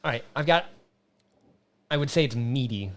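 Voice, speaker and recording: A man's voice: medium pitch, animated, moderate pace. Male co-host, mid-range voice, teasing, profane, casual whiskey chat. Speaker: show co-host. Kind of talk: casual live-stream chat while tasting whiskey.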